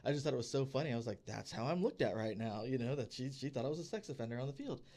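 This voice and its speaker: A man co-hosting a podcast, telling stories in a casual, animated way and acting out the people he quotes. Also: medium pitch, racing. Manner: animated storyteller who acts out quoted people. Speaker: podcast co-host. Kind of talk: casual chat, storytelling. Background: podcast studio.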